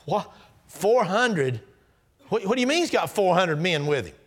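A man in his sixties voicing an anxious, guilt-ridden biblical patriarch who pleads and fires off frantic questions, his voice pushed high. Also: moderate pace, sharp tone, big-room sound. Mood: alarmed.

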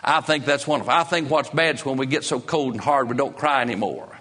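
Impassioned preacher man, bright tone. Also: fast. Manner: impassioned preaching, pitch swings from hushed lows to high shouts; folksy grammar. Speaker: pastor. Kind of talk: sermon.

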